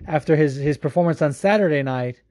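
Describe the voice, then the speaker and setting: A man talks through listener questions on his own podcast, swearing freely and restarting his sentences as he goes. His voice sits a little high, with a soft, mellow tone. He laughs often as he rambles. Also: normal speed. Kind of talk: casual solo podcast chat.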